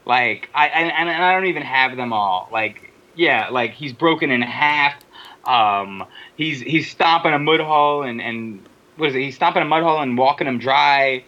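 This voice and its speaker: A man co-hosting a podcast in casual, joking chat, quick to laugh. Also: mid-range voice, bright, forceful tone. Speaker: podcast co-host. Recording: dull lo-fi audio.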